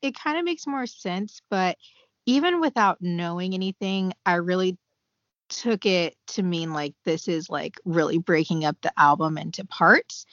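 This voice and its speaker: A woman's voice: lowish voice, a little slow, no echo, dull audio. A woman co-hosting a podcast, talking in a thoughtful, hesitant casual way. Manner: thoughtful, hesitant, soft laughs. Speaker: podcast co-host. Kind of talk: casual chat.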